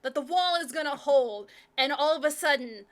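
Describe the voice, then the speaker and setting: A woman running a live tabletop game as game master, telling the action in an excitable, laughing way. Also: high voice, normal speed.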